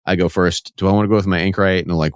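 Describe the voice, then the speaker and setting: A man's voice: deep voice, fairly even intonation, rapid-fire, clean tone, no room sound, studio quality. A man co-hosting a casual podcast, explaining game rules step by step with enthusiasm. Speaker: podcast co-host.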